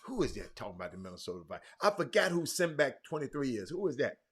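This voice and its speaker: Sports talk host, middle-aged man, bright lively voice, loud and excitable, Southern vernacular. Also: mid-range voice, quick pace, slightly rough. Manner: loud, excitable, calls out viewers by name; Southern vernacular, y'all and ain't. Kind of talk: casual livestream chat reading comments.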